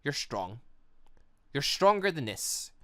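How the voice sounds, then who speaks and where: A man reading the lines of a calm, protective young man in a visual novel, speaking softly and steadily. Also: mid-range voice, slow pace, no echo, studio quality, exaggerated voice. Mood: reassuring. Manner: soft, steadying reassurance. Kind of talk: visual novel read-through.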